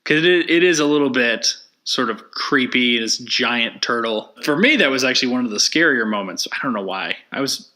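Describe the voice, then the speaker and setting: Give me a reflective man co-hosting a podcast, with a very bright tone. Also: mid-range voice, lively intonation, normal speed, hardly any pauses. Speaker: podcast co-host. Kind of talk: casual movie discussion.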